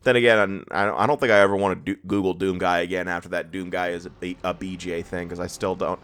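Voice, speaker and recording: A man's voice: low-pitched, little pitch movement, fast, fairly bright tone. A tired man just out of bed, rambling and stammering through casual gameplay commentary as a let's play host. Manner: rambling, self-deprecating, stammers and laughs.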